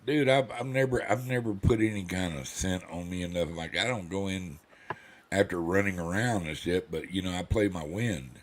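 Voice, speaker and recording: A man's voice: deep voice, normal speed, slight background noise. An older man chatting casually, a rambling, folksy storyteller with a cantankerous drawl. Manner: rambling storyteller, folksy, acts out quoted voices. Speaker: host. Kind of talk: casual chat.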